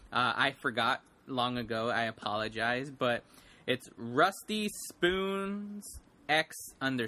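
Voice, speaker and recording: A man co-hosting a casual podcast, excitedly retelling stories and giving shout-outs. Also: fairly high pitch. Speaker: podcast co-host. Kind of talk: casual chat.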